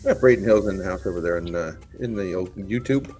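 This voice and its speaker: A man with a lowish voice hosts a casual livestream chat. He swears freely, cracks jokes and trips over his own restarts as he talks. He sounds loose and conversational. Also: fairly quick, darkish tone, faint music behind. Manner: profane, joking, stumbling restarts. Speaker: livestream host.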